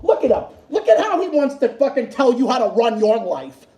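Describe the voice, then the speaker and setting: A man's voice: very high-pitched, big pitch swings, fairly quick, dark tone. Furious, profane ranting man, echoey room. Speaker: livestream host. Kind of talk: angry political rant.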